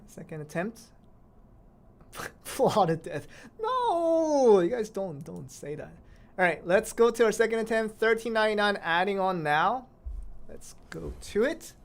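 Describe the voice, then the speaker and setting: Chatty woman streamer reacting to gameplay. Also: medium pitch. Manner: chatty, self-interrupting, exclaims at near misses. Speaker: mobile game streamer. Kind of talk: casual live-stream commentary while playing.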